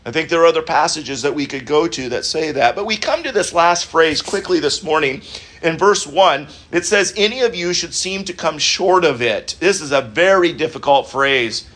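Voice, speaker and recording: A man's voice: a little high, lively intonation, normal speed, a bit bright. A man preaching a verse-by-verse sermon, thinking aloud with restarts and repeated words and asking the listeners questions. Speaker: pastor.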